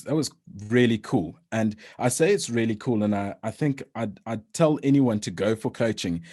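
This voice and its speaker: A man, a voice-over artist, chatting casually in an interview with frequent restarts. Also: mid-range voice. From South Africa. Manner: relaxed, rambling with frequent restarts and laughs.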